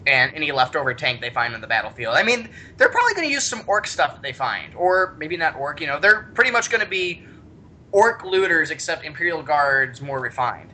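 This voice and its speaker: A man co-hosts a casual podcast and tells long, rambling stories. His voice is bright and ringing, and he keeps stopping to restart his sentences. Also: fairly high pitch, fairly quick, a little hiss or hum. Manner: rambling, animated, many restarts. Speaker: podcast co-host. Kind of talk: casual chat, storytelling.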